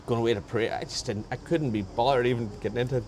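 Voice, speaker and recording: A man's voice: medium pitch, quick pace, a little mellow, slight background noise. A man telling a personal story in a rambling, conversational way, often restarting his sentences. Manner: rambling, with frequent restarts and reported dialogue. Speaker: guest sharing a faith testimony.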